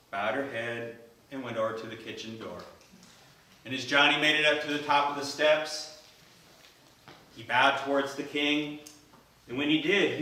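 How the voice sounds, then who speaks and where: Bright-voiced man telling a story in an echoey hall. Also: medium pitch, distant mic, slight background noise. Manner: animated, acts out the characters' lines. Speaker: storyteller at a speaking event. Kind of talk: live storytelling to an audience.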